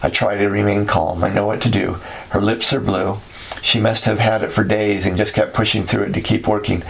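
A man narrating a story in a steady, somber way. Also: on the low side, a little fast, vocal fry, a little hiss or hum, poor audio.

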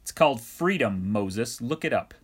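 A man's voice: medium pitch, lively intonation, moderate pace, breathy edge. A man voicing a suspicious, contrarian man who argues indignantly about everything. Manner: indignant, argumentative.

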